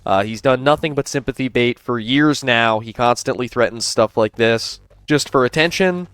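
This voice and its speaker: A man's voice: mid-range voice, normal speed, a bit bright, smooth, no echo. Indignant male stream commentator. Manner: indignant, explanatory.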